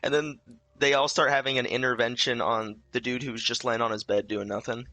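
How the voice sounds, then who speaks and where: A man's voice: mid-range voice, fairly even intonation, brisk, sharp tone, slight background noise. A young man co-hosting a casual gaming stream, rambling through retold sketches with stammers and fillers. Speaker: co-host. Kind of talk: casual gaming commentary chat.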